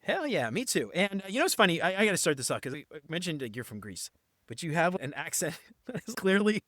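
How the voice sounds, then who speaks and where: Excited guy hosting a podcast, kinda high voice, dry close mic. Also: fast, no room sound. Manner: enthusiastic, upbeat, casual slang. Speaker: podcast host. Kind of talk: casual interview chat and show promo.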